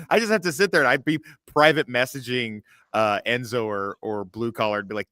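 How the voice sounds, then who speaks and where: Guy with a bright punchy voice, teasing, swearing a lot. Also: mid-range voice, a little fast, hardly any pauses, dry recording, studio quality. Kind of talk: casual panel chat.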